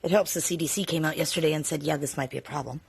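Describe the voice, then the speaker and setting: A woman's voice: low-pitched, rapid-fire, gravelly, breathy edge. A woman in her forties telling a long personal story to a phone camera in a blunt, swear-heavy way. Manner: profane, emphatic and blunt. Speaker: TikTok storyteller.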